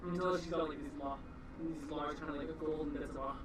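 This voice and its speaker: A man's voice: fairly high pitch, fairly even intonation, fast. A man narrating as game master in a casual tabletop session, with loose phrasing and frequent restarts. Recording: echoey room, distant mic, faint hiss.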